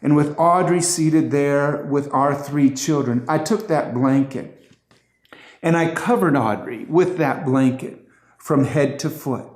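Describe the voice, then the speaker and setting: A man's voice: a little high, takes it slowly. A middle-aged man earnestly telling an emotional family story as a personal testimony. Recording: roomy echo.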